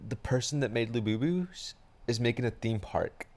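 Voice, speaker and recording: A man co-hosting a podcast in casual chat, animated and swearing freely. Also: medium pitch, moderate pace. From Hispanic family in the United States. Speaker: podcast co-host.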